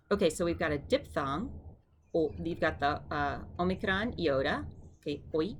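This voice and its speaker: Middle-aged woman teacher, chatty home-lesson delivery, drills each word slowly, mid-pitched voice, faint room noise behind. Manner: chatty, repeats words slowly for practice. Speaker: Greek vocabulary teacher.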